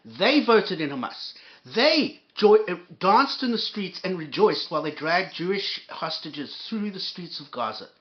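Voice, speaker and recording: A man with a fairly high voice rants in anger, swearing freely and heaping sarcasm and insults on his target. He trips over his words, repeating and restarting as he goes. The recording sounds dull and lo-fi. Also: big pitch swings, measured pace, hardly any pauses. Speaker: commentator reacting to a clip. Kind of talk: angry profane ranting.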